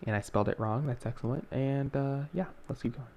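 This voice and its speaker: Young male tutorial host, mellow tone, chatty and self-correcting, faint background noise. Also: mid-range voice, brisk. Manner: rambling, self-correcting, many fillers. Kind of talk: casual screen-recorded tutorial.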